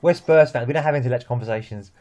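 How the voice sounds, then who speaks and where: Animated British man, mellow voice. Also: mid-range voice, rapid-fire. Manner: animated, repeats himself when excited. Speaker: co-host. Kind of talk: casual football chat.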